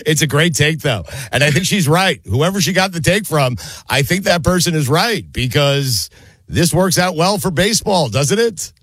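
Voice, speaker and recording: A man's voice: on the high side, expressive, normal speed, a bit bright, husky, dry recording. A man hosting a sports radio show, chatting casually and laughing often as he teases his co-host.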